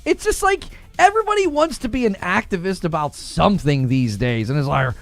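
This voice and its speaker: A man hosting a gaming livestream, chatting casually and acting out little jokey scenes in quick voices. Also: high voice, very animated, soft background music. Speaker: livestream host reacting to gaming videos.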